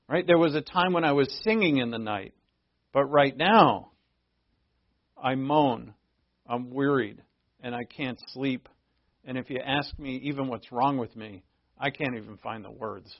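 A pastor delivers a sermon in a medium-pitched voice at a measured pace, speaking conversationally, reading scripture aloud, and breaking into emphatic bursts. The recording is dull and lo-fi.

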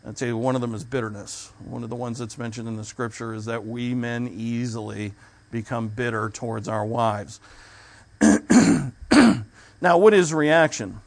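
Male preacher, mid-pitch, talks easily and restarts his sentences. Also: unhurried. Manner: conversational preaching with restarts and asides. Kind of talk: sermon.

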